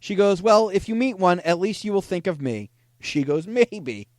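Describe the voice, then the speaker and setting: High-pitched guy, bouncy up-and-down voice, podcast host telling chat logs deadpan. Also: moderate pace, no room sound, clean studio sound. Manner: deadpan retelling, frequent "I go, she goes". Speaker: podcast host reading scam chats. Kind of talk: casual comedic retelling.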